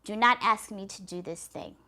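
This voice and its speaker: A woman voicing a firm, deliberate young wife in a folktale. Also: medium pitch, bright, forceful tone. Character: firm young wife who becomes a beast.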